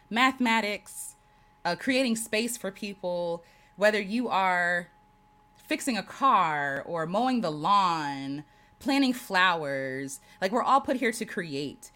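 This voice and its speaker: Talking straight to her livestream audience in a casual way, a creative coach keeps things affirming and animated. Her lively pitch swoops around, she laughs readily, and she repeats her key lines to drive them home.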